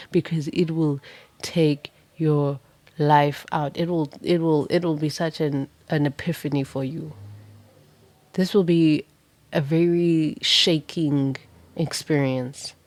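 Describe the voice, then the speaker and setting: Low-voiced woman reading tarot dramatically. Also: warm tone, dry recording. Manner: dramatic, vivid storytelling with casual swearing. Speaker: tarot card reader. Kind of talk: pick-a-card tarot reading.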